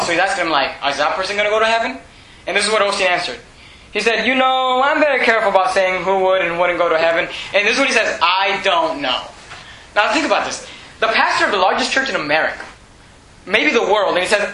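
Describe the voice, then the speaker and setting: A man preaches with a high, bright voice, rising to shouts and dropping to near hushes. The sermon rings around an echoey church hall. A faint background hiss sits under it. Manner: fervent preaching that swings from shouted peaks to hushed lows. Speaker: pastor.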